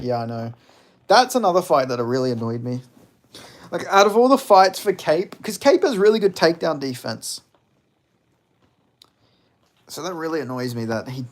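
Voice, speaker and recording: A young man chatting casually on a livestream, rambling and reading out comments, with lots of fillers and swearing. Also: mid-range voice. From Australia. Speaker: streamer.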